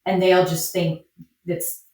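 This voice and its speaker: Speaking slowly in a lowish, level, slightly mellow voice, this woman, who farms flowers and coaches businesses, is interviewed on a podcast. She stays upbeat and encouraging, voicing quotes in character, over echoey, distant remote audio.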